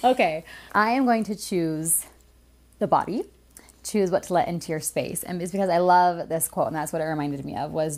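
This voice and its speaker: A woman's voice: lowish voice, normal speed. A woman co-hosting a podcast, telling a story in a casual chat and acting out the quotes. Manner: lively storyteller, acts out quotes. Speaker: podcast co-host.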